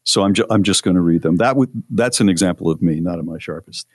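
A rambling man co-hosting a radio show, low-pitched and self-deprecating, stumbling over his words as he chats and reads out listener posts. The sound is dry and close, with no room around it. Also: quick pace, dry recording. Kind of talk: casual on-air banter, reading listener posts.

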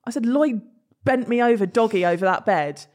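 A woman's voice: a little high, normal speed. A young woman, telling a story in casual chat, swearing freely and acting out the voices of other people. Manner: animated, swears freely, acts out quoted voices. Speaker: guest.

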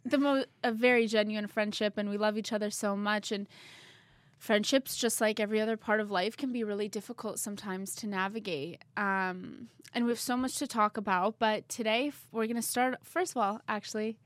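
A woman's voice: mid-range voice, steady tone, a little fast, no room sound. A young woman co-hosting a faith podcast, chatting casually, telling stories and laughing often. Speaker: podcast co-host. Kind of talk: casual chat.

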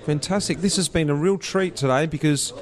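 A man's voice: on the high side, a little fast. A man with an Australian accent chatting casually and enthusiastically as a podcast co-host, recorded at a small restaurant table. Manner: chatty, enthusiastic, laid-back. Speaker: retired pro cyclist turned podcast co-host. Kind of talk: casual chat over drinks.

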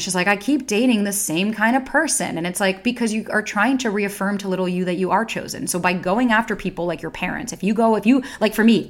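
A young adult woman hosting a podcast, talking candidly and bluntly, swearing freely and acting out inner voices. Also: medium pitch. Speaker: podcast host. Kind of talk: candid solo podcast talk.

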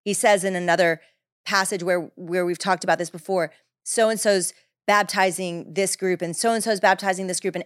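A woman teaching through a Bible passage in an animated, lively way. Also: dry recording, clean studio sound. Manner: lively, animated, acts out Paul's voice with big pitch jumps.

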